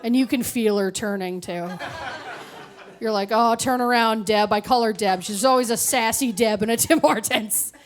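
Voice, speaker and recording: A woman from Canada performing a stand-up comedy set on stage, with animated, mock-indignant storytelling. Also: mid-range voice, moderate pace. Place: comedy club stage with audience laughter.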